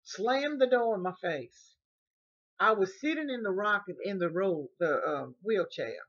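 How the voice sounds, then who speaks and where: A woman's voice: mid-range voice, expressive, measured pace, lo-fi sound. An older woman telling a personal story, often repeating words and restarting, and acting out the speech of others.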